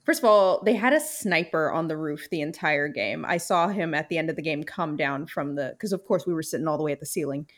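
A woman's voice: low-pitched, fairly quick, hardly any pauses. A young woman co-hosting a casual chat, telling a story with lots of fillers and swearing. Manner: animated storytelling, swears freely, many fillers.

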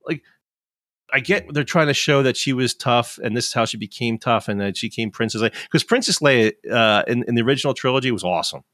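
Man, 50s, frustrated ranting chat, dry close sound, medium pitch. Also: quick pace, fairly bright tone, no room sound. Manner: frustrated, ranting, swears freely. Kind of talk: casual chat.

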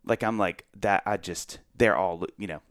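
Man in his forties, lowish voice, dry close sound, lively self-mocking storyteller. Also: normal speed, no room sound. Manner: animated storyteller, self-mocking, many restarts and asides. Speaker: guest. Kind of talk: casual storytelling chat.

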